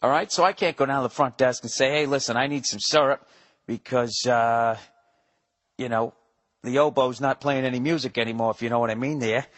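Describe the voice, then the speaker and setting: A man in his forties hosting a podcast, telling a profane comedic story solo, acting out voices in animated asides. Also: mid-range voice, fairly quick. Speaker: podcast host.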